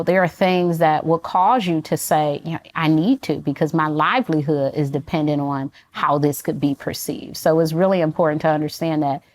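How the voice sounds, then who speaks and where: A woman with a low, deep speaking voice talks calmly and clearly as a psychologist. She explains her ideas step by step in a measured, unhurried way. Her tone stays conversational. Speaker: psychologist guest. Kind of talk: conversational interview.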